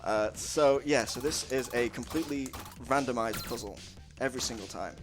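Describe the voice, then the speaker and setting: A man's voice: mid-range voice, normal speed, music in the background. A man commentating his own speedrun in a casual, jokey way, laughing often. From United Kingdom. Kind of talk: casual live commentary on a game run.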